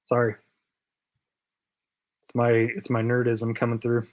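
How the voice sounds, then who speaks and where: A man's voice: medium pitch, monotone, a little slow. A man hosting a casual live stream, reading out viewer comments in a loose, rambling way with lots of fillers and repeats. He sounds tired and short on sleep. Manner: puts on a Canadian accent as a joke. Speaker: host of a live diecast chat stream.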